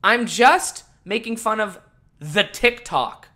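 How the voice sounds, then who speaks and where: A young man hosting a podcast, ranting casually and swearing a lot, swinging from mumbled asides to loud exasperated outbursts. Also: high-pitched, animated, takes it slowly. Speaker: podcast host.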